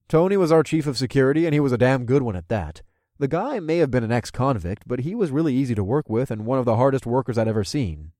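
A man's voice: mid-range voice, lively intonation, brisk, mellow, no echo. Guy reading a story in first person, laid back, laughs a bit, dry sound. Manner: casual, chuckling, conversational. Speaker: audiobook narrator. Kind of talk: first-person audiobook narration.

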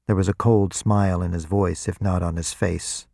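A man reading first-person narration for an audiobook, deliberate and introspective. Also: sits low, little pitch movement, creaky, darkish tone, dry recording, clean studio sound.

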